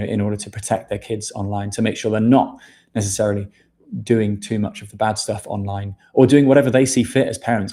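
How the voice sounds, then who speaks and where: Hosting a laid-back livestream, a man with a fairly low pitch and dark tone reads out viewer questions and chats loosely, addressing viewers as mate.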